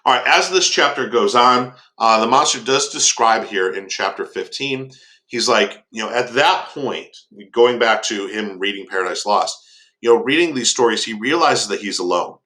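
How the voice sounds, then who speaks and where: A man's voice: fairly low pitch, normal speed, sharp tone. A man teaching a casual lesson on a novel, rambling, with frequent fillers and restarts.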